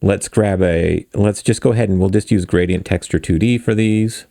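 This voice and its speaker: A man hosting a game dev tutorial, walking through code in a relaxed, chatty, self-deprecating way. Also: sits low, normal speed, vocal fry, no echo, clean studio sound. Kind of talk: casual screen-recorded coding tutorial.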